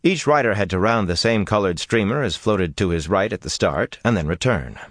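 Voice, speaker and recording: A man narrating a fantasy audiobook with expressive, dramatic delivery. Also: lowish voice, moderate pace, no room sound, studio quality.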